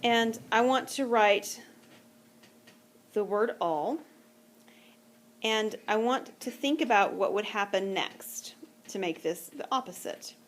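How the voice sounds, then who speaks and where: A woman teaching a math class, her voice mid-pitched and easygoing as she explains step by step and keeps asking if the students are with her. The room is a classroom with a faint hiss of noise behind her. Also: slow, pauses often. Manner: patient, conversational, checks in with students often. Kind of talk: classroom lecture.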